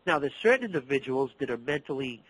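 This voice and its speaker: A middle-aged martial arts instructor from the Boston area tells stories in an interview, animatedly acting out dialogue and repeating words. His mid-range voice has a breathy edge and a quick pace, and the recording is rough but has no echo.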